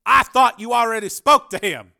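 A man's voice: extremely high pitch, moderate pace, vocal fry, pushed and bright, pitched above the performer's own voice, heavily acted. A male narrator voicing a harried middle-aged doctor who exclaims in exasperation.

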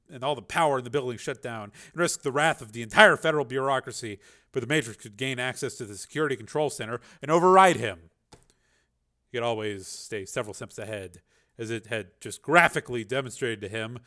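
A man narrating a thriller audiobook in an expressive, dramatic way. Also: medium pitch. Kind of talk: scripted narration.

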